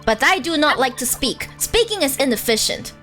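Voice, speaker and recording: Woman reading as a monotone robotic bomb expert. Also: high-pitched, soft background music. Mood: flat. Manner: slow, even monotone. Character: flat robotic-talking male bomb disposal expert.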